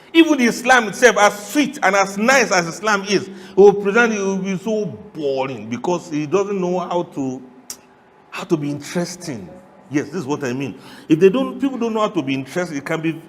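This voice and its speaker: A man giving a lively, humorous sermon, often laughing and asking the audience questions. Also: high voice, long reverb tail, slight background noise. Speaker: Islamic preacher.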